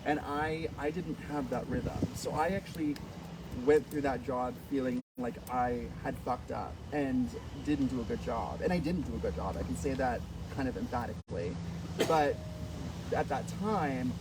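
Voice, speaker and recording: A man talking as a guest author at a live event, in a chatty, animated way with many fillers and easy laughter. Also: mid-range voice. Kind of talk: casual conversation on stage. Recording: noisy live event audio.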